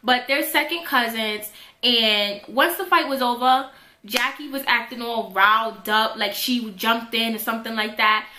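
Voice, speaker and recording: Animated young woman telling a story. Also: a little high, unhurried. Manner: animated, dramatic retelling with quoted voices. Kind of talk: casual storytime. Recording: echoey room.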